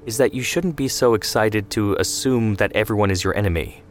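A man voicing a calm, mild-mannered older brother who speaks slowly and patiently. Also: lowish voice, faint music behind, lightly acted.

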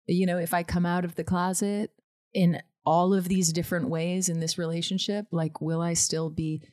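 A woman's voice: lowish voice, little pitch movement, normal speed, darkish tone, dry recording, studio quality. A woman guest on a podcast talking candidly and emotionally in casual conversation. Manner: candid, emotional, laughs easily.

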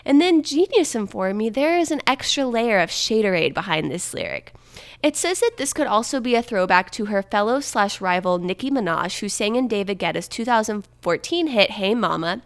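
A woman's voice: a little high, lively intonation, normal speed, pushed and bright, clear, resonant tone. A young woman hosting a podcast, chatting playfully and reading quotes aloud. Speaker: podcast host. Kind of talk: casual chat.

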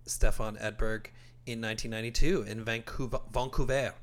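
A man in his forties from Canada, co-hosting a casual podcast and calmly recounting facts. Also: mid-range voice, measured pace. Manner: steady, informative, recounts facts. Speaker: podcast co-host. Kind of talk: casual chat.

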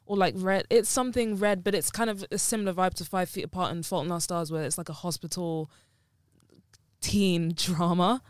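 Low-voiced young woman, dry sound. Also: steady tone, moderate pace, no echo. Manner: upbeat and emphatic, leans on fillers. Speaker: podcast co-host. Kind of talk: casual chat.

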